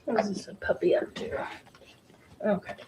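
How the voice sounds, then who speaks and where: A woman's voice: mid-range voice, normal speed. A woman filming her dog giving birth at home, soothing and cooing to her in a casual way. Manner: soothing, coos to a dog in labor. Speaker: dog breeder filming a whelping. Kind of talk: casual vlog. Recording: echoey room from far off, noisy.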